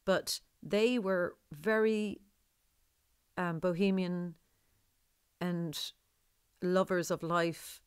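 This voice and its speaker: A woman with a deep voice, a singer talking in an interview in a rambling, digressive way. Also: steady tone, very slow, long pauses, clean tone, dry recording, clean studio sound. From Ireland. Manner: rambling, digressive, laughs often. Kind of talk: conversational interview.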